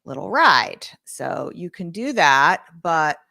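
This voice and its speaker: A woman's voice: deep voice, big pitch swings, slow pace, vocal fry, bright, forceful tone, dry recording. A woman leading a live online class, talking casually with jokey asides about her studio microphone setup at home. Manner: chatty, informal, jokey asides. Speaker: online art course instructor.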